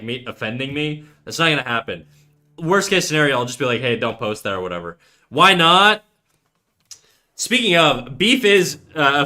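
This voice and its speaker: Male streamer, 30s, slightly high and very bright tone, relaxed and profane chat-reading delivery. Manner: profane, laid-back, reads chat aloud. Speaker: art livestreamer. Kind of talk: casual livestream chat.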